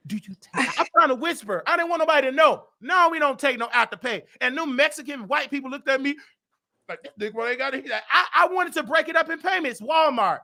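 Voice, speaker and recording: A man hosting a gossip show, talking brashly and animatedly with a Southern US accent, trash-talking and shouting out his critics. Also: very high-pitched, brisk, vocal fry. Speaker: show host. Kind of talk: loud gossip commentary.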